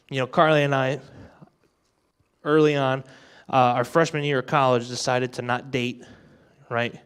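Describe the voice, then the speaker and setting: A man in his twenties preaching an energetic youth sermon. He talks in an animated, joking way and acts out the thoughts he quotes. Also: a little high, moderate pace, clean tone. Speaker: youth pastor.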